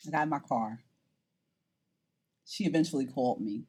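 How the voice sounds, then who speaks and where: A woman's voice: a bass voice, moderate pace, slightly rough. A middle-aged woman from New York telling her own story in a documentary interview, theatrical and acting out the voices of people in it. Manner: animated, theatrical, acts out voices. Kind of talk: personal storytelling to camera.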